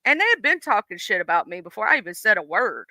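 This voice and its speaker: A woman's voice: mid-range voice, very animated, quick pace, pushed and bright, dry recording, poor audio. A woman with a Southern US accent hosting a casual livestream, talking bluntly and with plenty of swearing to her chat. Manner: blunt, profane, talks straight to chat. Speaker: livestream host.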